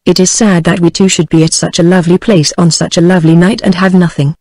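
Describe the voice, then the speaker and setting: A woman's voice: fairly low pitch, quick pace, crowd noise, lightly acted. A synthetic British woman reading an earnest young man. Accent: British English. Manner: flat synthetic delivery, no voice change.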